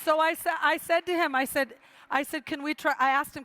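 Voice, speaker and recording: A middle-aged woman with a high voice gives an emphatic motivational speech to a live audience. She repeats key phrases for effect and acts out quoted dialogue as she tells her story. The sound is dry and close, with little room echo. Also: steady tone, fairly quick, a bit bright, some chatter behind. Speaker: motivational speaker.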